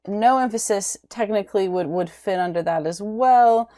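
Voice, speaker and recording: A woman teaching an art lecture, halting, with many ums and restarts, often checking in with "right?". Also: medium pitch, warm tone. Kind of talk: recorded lecture.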